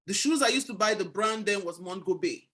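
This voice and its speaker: A woman's voice: mid-range voice, fairly quick, husky. A woman from Nigeria with a Nigerian accent, hosting a casual book discussion and telling stories with acted-out exchanges. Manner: animated storyteller, acts out quoted exchanges. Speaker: book club host.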